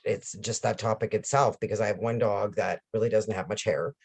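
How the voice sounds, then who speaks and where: A woman's voice: rumbling low, steady tone, fairly quick, slightly rough. Chatty woman host sharing an anecdote. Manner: chatty, anecdotal, with soft laughs and fillers. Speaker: podcast host. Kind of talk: conversational interview.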